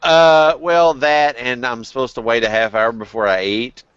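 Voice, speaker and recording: A man's voice: medium pitch, steady tone, normal speed, a bit bright, clear, resonant tone, no echo, muffled recording. A man hosting a casual group chat, telling candid, profane stories full of restarts. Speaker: vlog host.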